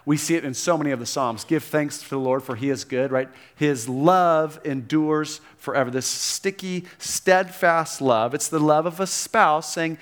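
A male pastor delivers a sermon in a relaxed, conversational tone. His voice sits a little higher than most men's. He shifts into lively, emphatic readings of scripture and falls back to quiet reflection. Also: moderate pace, few pauses. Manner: conversational preaching, animated quoting of scripture, restarts and laughs.

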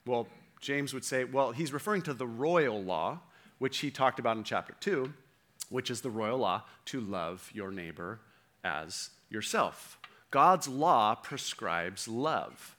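A man's voice: mid-range voice, expressive, slow pace, sharp tone. A man preaching a sermon in a conversational way, often checking in with the audience. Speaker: pastor.

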